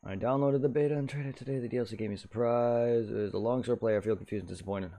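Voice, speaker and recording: A man's voice: mid-range voice, steady tone, fast, few pauses, dark tone. A man chatting casually while streaming a game, rambling and humming to himself as he reads aloud. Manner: rambling, mutters and hums while reading. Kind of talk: casual live-stream gaming chat.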